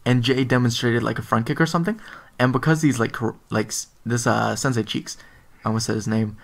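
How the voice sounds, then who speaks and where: A man's voice: mid-range voice, fairly even intonation, fairly quick, gravelly. A young man co-hosting a podcast, telling stories in casual chat, laughing often and swearing. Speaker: podcast co-host.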